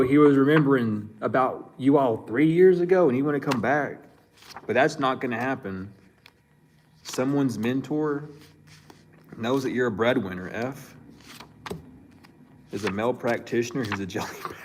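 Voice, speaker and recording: A man's voice: medium pitch, unhurried, pauses often. A man in the middle of his usual range gives a casual psychic reading straight to his viewers. His delivery is loose and slangy, full of chuckles and restarts as he thinks aloud, with a faint hiss behind him. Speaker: psychic reader.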